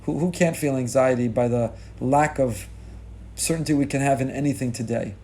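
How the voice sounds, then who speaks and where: A middle-aged rabbi giving a sermon with rising emphasis, mixing in Hebrew and Yiddish religious terms. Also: male voice, mid-range voice, normal speed, warm tone, slight background noise. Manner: impassioned, rising emphasis on key lines.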